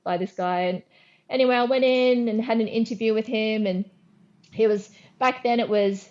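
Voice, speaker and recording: A middle-aged Australian woman, a guest artist, telling lively anecdotes in a casual interview, acting out her own lines and often restarting sentences. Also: a little high, moderate pace, lo-fi sound.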